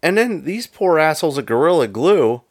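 A man's voice: fairly high pitch, normal speed, no echo, clean studio sound. A man co-hosting a podcast in casual chat, ranting with lots of swearing. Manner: profane, ranting, animated. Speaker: podcast co-host.

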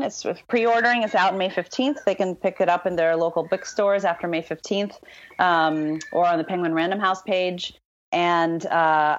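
A woman guest author answering podcast interview questions thoughtfully, with many ums and restarts. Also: fairly low pitch. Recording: dull, dry lo-fi sound.

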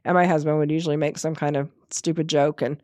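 A woman's voice: deep voice, level tone, fast, darkish tone. A middle-aged woman co-hosting a podcast, telling stories in casual chat and laughing often. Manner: chatty storyteller, laughs often. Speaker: podcast co-host.

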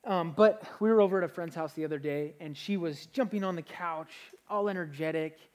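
Energetic young man preaching a sermon. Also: on the high side, brisk. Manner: energetic, conversational, with restarts and laughs. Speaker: pastor.

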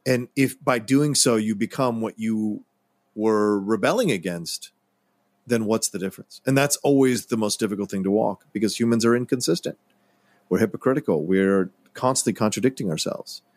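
A man's voice: lowish voice, moderate pace, a little mellow, no room sound. A man co-hosting a podcast, talking about a film in a reflective and earnest way. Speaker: podcast co-host. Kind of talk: casual film discussion.

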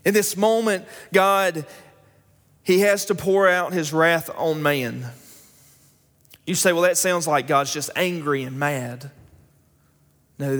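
A young male pastor delivers a sermon with a high voice. He tells a story, then presses his points with rising emphasis. The sound carries a long reverb from the church sanctuary around him. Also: a bit bright. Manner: storytelling, builds to emphatic preaching.

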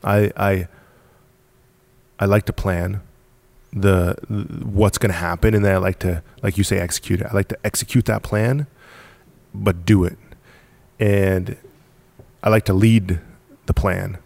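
A man's voice: low voice, fairly even intonation, unhurried, creaky, a little mellow, no room sound. A man from the United States, a podcast guest, telling his story bluntly and casually, swearing now and then and laughing between points. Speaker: podcast guest, apparel company founder.

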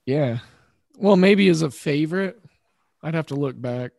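A man hosting a casual chat show, thinking aloud in a measured way with pauses and fillers. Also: fairly high pitch, animated, gravelly, a little mellow, no room sound, clean studio sound. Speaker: podcast host.

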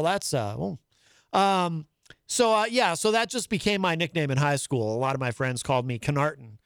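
Chatty man with a smooth, close voice. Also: on the high side, fairly bright tone, no echo. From New England, US. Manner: rambling, chatty, reads viewer comments aloud. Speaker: talk show host. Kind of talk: casual live-stream chat.

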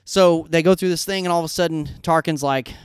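A man chatting on a podcast in a very clean, resonant voice, recorded close and dry. He talks casually and with energy, tossing in quick asides and mimicking characters. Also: fairly high pitch, clean tone, no room sound. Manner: animated, quick asides, acts out characters' lines. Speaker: podcast co-host. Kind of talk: casual fan discussion.

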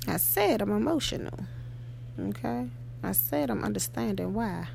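Gravelly woman giving an emphatic pep talk. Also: mid-range voice, animated, normal speed, a little mellow, a little hiss or hum. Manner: emphatic, keeps asking "okay?" and "you know?". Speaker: podcast host. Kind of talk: motivational monologue.

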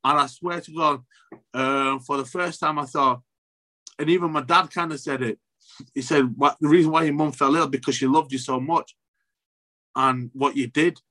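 A young man, an interview guest telling an emotional personal story, halting and repetitive, swearing often. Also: a little high, fairly even intonation, sharp tone.

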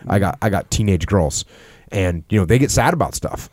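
A middle-aged man hosting a podcast, explaining things calmly and plainly in casual conversation, acting out short examples. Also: sits low, moderate pace, dry recording, studio quality. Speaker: podcast host.

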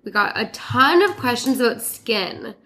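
A woman hosting a casual podcast chat, her voice stuffed up from a cold, chatty and quick with laughs and fillers. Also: a little high, lively intonation, fairly bright tone. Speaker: podcast host.

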